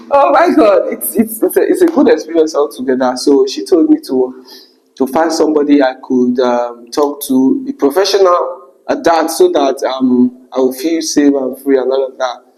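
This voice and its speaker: A young man telling an emotional personal story, animated and breaking into high exclamations. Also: normal speed, low-quality recording. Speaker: vlogger.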